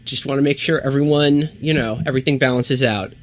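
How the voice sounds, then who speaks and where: A man's voice: mid-range voice, steady tone, a little fast. A man in his thirties co-hosting a podcast, casual and joking, swearing freely. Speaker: podcast co-host.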